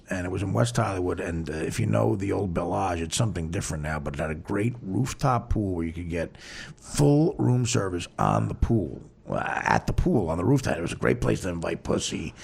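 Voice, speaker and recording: A man's voice: deep voice, expressive, moderate pace, vocal fry, darkish tone, slightly rough. A man hosting a comedy podcast, telling crude, rambling stories in casual banter. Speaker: podcast host.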